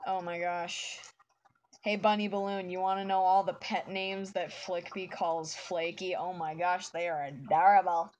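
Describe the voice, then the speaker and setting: A woman's voice: on the low side, steady tone, measured pace, a little mellow, slight background noise. A young woman streaming her drawing and chatting with viewers in a casual, giddy way. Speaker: art streamer. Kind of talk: casual chat while drawing.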